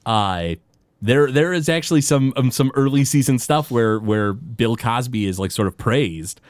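A man co-hosting a podcast in casual chat, hesitant and halting with many fillers, now and then acting out quoted lines. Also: medium pitch, dry recording. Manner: acts out quoted characters. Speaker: podcast co-host.

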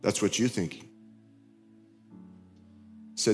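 A middle-aged man preaching a sermon in a conversational, confessional way, telling a story with many halting restarts. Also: medium pitch, long reverb tail, soft background music. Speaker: pastor.

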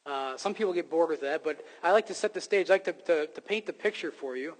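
A man's voice: a little high, quick pace, in a large hall. A man preaching a sermon, earnest and emphatic, often restarting his sentences with fillers. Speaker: pastor.

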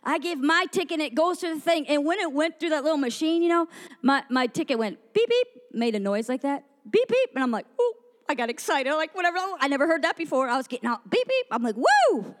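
A woman preacher telling an animated story in a sermon to a women's gathering, acting out the people she quotes. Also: high voice, fast, big-room sound. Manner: animated, acts out quoted voices.

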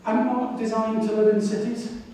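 A woman's voice: fairly high pitch, level tone, normal speed, mellow. A woman missionary giving a sermon, telling her own story in a reflective way. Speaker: missionary speaker. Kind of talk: sermon with personal testimony. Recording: echoey hall from far off.

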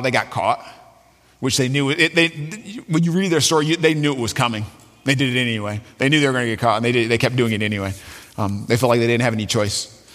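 A man's voice: mid-range voice, fairly bright tone, big-room sound. A man preaching a sermon as a pastor, telling a story with fillers and restarts.

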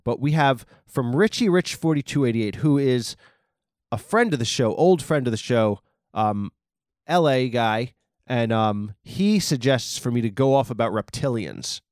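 A man's voice: medium pitch, expressive, a little slow, a little mellow, dry recording, clean studio sound. A man hosting a podcast, rambling through a comedic monologue with mock-serious, absurd tangents. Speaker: podcast host.

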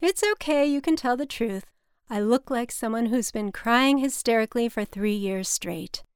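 A woman voicing a brash, blunt, paranoid middle-aged mother with a brassy, loud delivery. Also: on the high side, moderate pace, clean tone, no echo, clean studio sound, natural voice.

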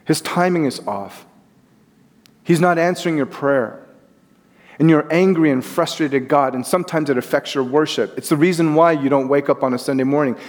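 A middle-aged man preaching a sermon in a conversational, animated way, acting out quotes as he goes. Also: a little high, moderate pace. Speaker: pastor. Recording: long hall reverb.

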